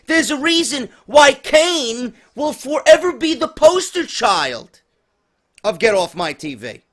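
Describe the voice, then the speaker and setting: A man's voice: very high-pitched, very animated, slow, fairly bright tone. A man ranting through a profane, sarcastic review of a wrestling show, exasperated and mocking. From New York.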